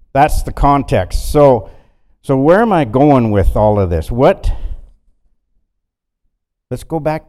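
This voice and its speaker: A man preaching a sermon in a folksy way, swinging between loud bursts and quiet asides. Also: medium pitch.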